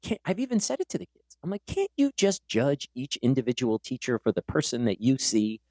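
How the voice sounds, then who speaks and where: A man's voice: mid-range voice, brisk, dry recording. A man hosting a podcast and working as a teacher, telling stories in a casual way and acting out the dialogue. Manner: animated, acts out quoted dialogue. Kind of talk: casual conversational storytelling.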